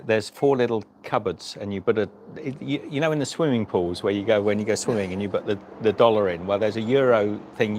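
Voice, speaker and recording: A cycle-touring vlogger holds his phone to live-stream from an outdoor rest stop, his fairly low voice a little mellow. He's chatty and jokey, rambling and restarting his sentences, with slight background noise around him.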